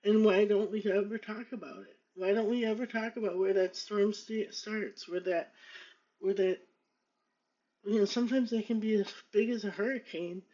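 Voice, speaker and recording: Woman, tarot vlogger, slow halting talk, mellow voice, hurt and defiant, dull lo-fi sound. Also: medium pitch, steady tone. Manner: slow, halting, with many restarts and pauses; pained and defiant in turns. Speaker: vlogger reading tarot cards. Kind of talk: emotional personal monologue with card reading. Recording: dull lo-fi recording.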